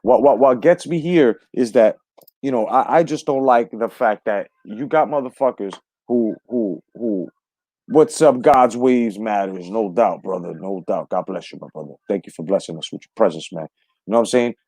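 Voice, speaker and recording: Guy on a live stream going off, swearing a lot, shouting out chat, dry close mic. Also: on the low side, moderate pace, dry recording. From United States. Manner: profane, emphatic, greets chat viewers. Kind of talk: heated live stream commentary.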